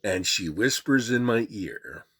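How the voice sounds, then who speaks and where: An older man telling a comic yarn, animated and laughing at his own jokes. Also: fairly low pitch, takes it slowly, breathy edge. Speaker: storyteller. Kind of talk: comic storytelling. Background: faint guitar music.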